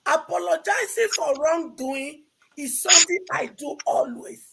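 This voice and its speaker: A woman panelist arguing heatedly in a debate, emphatic and shouting, close to tears. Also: high voice, animated, measured pace, creaky, poor audio.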